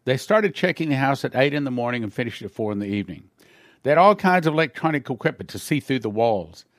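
A man's voice: mid-range voice, sing-song, quick pace, no echo, studio quality. Earnest man telling a testimony. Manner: acts out dialogue with shifting voices; earnest, plain storytelling with small slips. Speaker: preacher giving testimony. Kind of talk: spoken testimony sermon.

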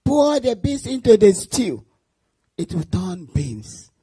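A woman voicing God as a gentle fatherly male deity, calmly giving her simple instructions. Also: mid-range voice, slow pace, slightly rough, voice pushed down, full character voice. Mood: calm reassuring.

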